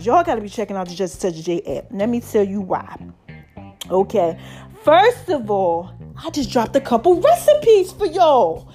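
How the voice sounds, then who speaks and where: A middle-aged woman hosting her podcast, talking in an animated, preachy way and a little out of breath. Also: fairly high pitch, normal speed, faint music behind. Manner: animated, preachy, hypes her shows, calls listeners y'all and baby. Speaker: podcast host. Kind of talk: casual monologue to listeners.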